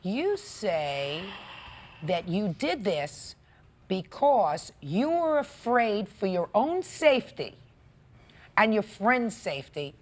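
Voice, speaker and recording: A woman's voice: mid-range voice, big pitch swings, takes it slowly. A woman presiding as a TV courtroom judge, stern and scolding, cutting the litigants off. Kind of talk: courtroom arbitration. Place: courtroom studio.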